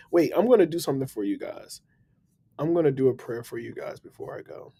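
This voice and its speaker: A man hosting a casual motivational live stream, upbeat and slangy, giving shout-outs to his viewers. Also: mid-range voice, normal speed, breathy edge. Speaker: livestream host. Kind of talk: casual motivational livestream talk.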